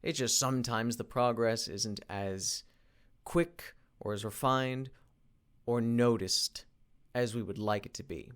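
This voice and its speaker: Halting, rambling man talking while he works. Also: medium pitch, smooth. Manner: halting, rambling, frequent restarts and fillers; thinking aloud while working. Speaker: independent animation creator. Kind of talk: casual work vlog while animating.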